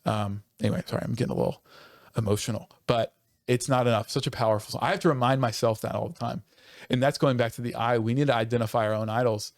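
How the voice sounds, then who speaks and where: A man's voice: mid-range voice, fairly even intonation, no echo, clean studio sound. A man, a pastor, talking earnestly and passionately in a conversational church podcast, often restarting his sentences. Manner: earnest and passionate, quickening when stirred, with self-interrupting restarts.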